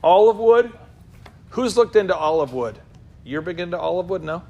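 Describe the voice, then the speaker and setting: A man hosting a business talk show, joking and firing quick questions at the people in the room. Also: a little high, vocal fry, husky, highs cut off. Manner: animated, jokey, quick asides to the room. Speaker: business coach and show host. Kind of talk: lively talk to a live room.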